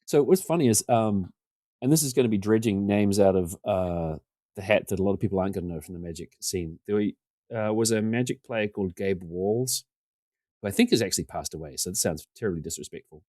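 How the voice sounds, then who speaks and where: A man in his forties, a podcast guest, telling casual stories in a self-deprecating way and getting animated when he quotes other people. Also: lowish voice, brisk, dry recording, clean studio sound. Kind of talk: casual storytelling interview.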